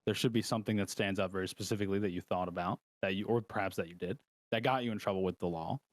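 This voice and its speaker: Relaxed male game master. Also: sits low, racing, no echo. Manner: relaxed and descriptive, with fillers. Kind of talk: narrating a tabletop game.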